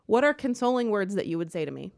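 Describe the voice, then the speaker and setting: A woman co-hosting a casual chat, retelling a book plot as an animated rant that is full of swearing. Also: medium pitch, quick pace, creaky, no room sound, studio quality. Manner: animated ranting storyteller, swears freely.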